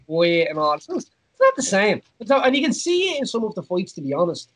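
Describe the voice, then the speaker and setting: A man's voice: high-pitched, sing-song, a little fast, a bit bright. An Irish man hosting a podcast in casual chat, rambling with many fillers and frequent laughs. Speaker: podcast host, former fighter.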